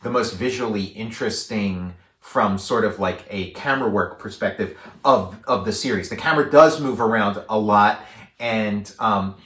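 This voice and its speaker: A podcast co-host with a fairly low-pitched voice and moderate pace chats casually about a film. He rambles through many fillers and restarts and voices quotes with animated acting. The room gives noticeable echo.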